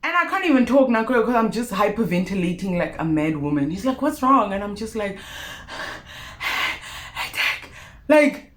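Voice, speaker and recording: A young South African woman telling a personal story to her viewers in a vlog, expressive and animated. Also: medium pitch, a little fast, hardly any pauses. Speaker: YouTuber. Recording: roomy echo.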